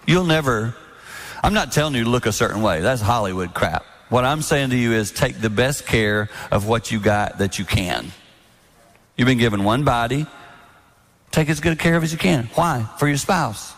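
Older man, 60s, mid-pitched, animated sermon storyteller, big hall reverb. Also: normal speed. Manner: animated storytelling with mimicked voices. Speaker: speaker at a marriage event. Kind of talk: sermon-style talk on marriage.

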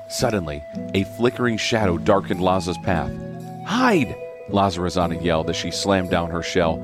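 Deep-voiced man reading a children's story.

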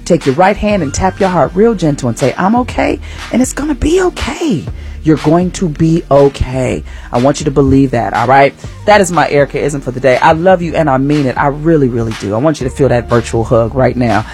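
Woman host doing a faith pep talk on the radio, preachy but homey, soft music under it. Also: very deep voice, fast talker. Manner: preachy, encouraging, colloquial.

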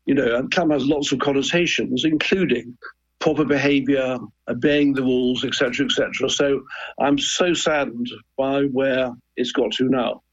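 A man's voice: mid-range voice, fairly even intonation, normal speed, slightly rough, dull audio. An older man, a former club chairman, talking as a guest on a radio discussion in an earnest, hesitant way, often repeating words.

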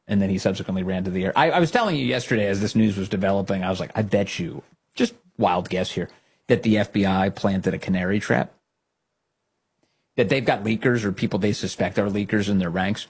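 A man's voice: on the low side, animated, a little fast, slightly rough. A man hosting a political commentary show, talking casually with a sarcastic, incredulous edge.

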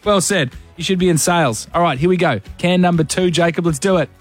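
A man's voice: sits high, fairly quick, over music. A man with an Australian accent hosting a radio show, teasing callers in a jokey, matey way. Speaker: radio host.

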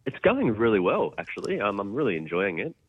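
A very deep-voiced man calling in as a guest, talking fast in a relaxed, matter-of-fact way. His voice comes through a dull, muffled call line. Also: slightly rough, no echo. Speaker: guest, women's competition organiser. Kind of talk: interview over a call. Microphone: phone or video call.

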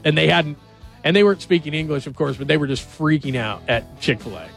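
Chatty gravelly-voiced male radio host. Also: a little high, animated, quick pace, soft background music. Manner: chatty, jokey, asks the others questions. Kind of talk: casual radio chat.

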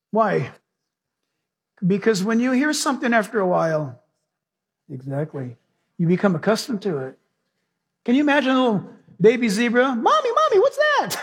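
A male pastor preaching an animated sermon, telling stories and acting out voices. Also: very high voice, vocal fry, slightly rough. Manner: animated, storytelling, acts out voices.

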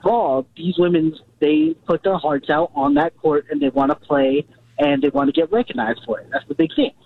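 Male phone-in caller, husky with fry, lively intonation, phone-line sound. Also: a little high, a little fast. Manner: earnest, repetitive. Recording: tinny phone line, dry.

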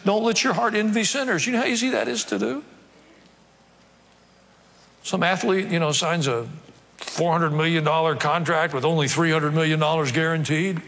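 A man, a pastor, preaching a sermon in a conversational way with wry asides, reading scripture aloud in slower, measured tones. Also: fairly high pitch, a bit bright, in a large hall.

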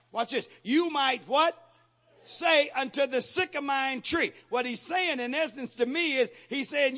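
A pastor with a very high voice preaches a sermon to his congregation. He repeats phrases, poses questions to the crowd, and shouts out lines.

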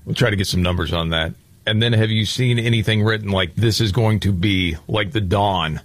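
Low-pitched guy hosting a talk show, dry close sound, stresses words hard. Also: brisk, no echo. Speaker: radio talk show host. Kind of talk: casual talk radio chat.

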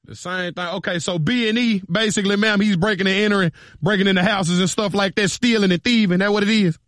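A man on a radio show doing a prank call, posing as a police officer in a slow, mock-serious, teasing way. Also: sits high, fairly even intonation, fairly bright tone, dry recording. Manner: mock-serious, drawn-out, teasing with a slight drawl.

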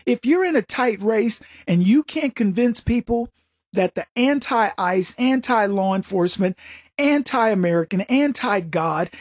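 A man's voice: sits high, husky, dry recording, clean studio sound. A man hosting a political talk show, delivering an opinionated, mocking comedic monologue. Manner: mocking, mimics opponents in exaggerated voices, laughs at own jokes. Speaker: political commentary host.

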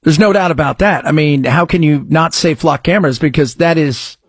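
High-voiced emphatic male commentator. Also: a little fast, breathy edge, dry recording. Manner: emphatic, rhetorical, restarts often. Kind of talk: opinion commentary.

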